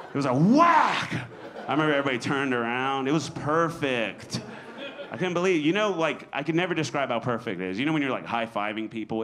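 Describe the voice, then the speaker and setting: A man in his thirties doing a stand-up comedy set on a club stage into a handheld mic, telling stories with sudden loud jumps as he acts out quotes. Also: medium pitch. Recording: live club recording with audience noise. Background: audience laughter.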